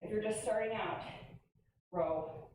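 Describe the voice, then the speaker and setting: A woman's voice: mid-range voice, takes it slowly, a little mellow, a little hiss or hum. Upbeat woman coaching a workout in an echoey room. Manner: upbeat coaching, calling out moves, frequent laughs. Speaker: fitness instructor. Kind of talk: live online workout class. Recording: very echoey room, voice far from mic.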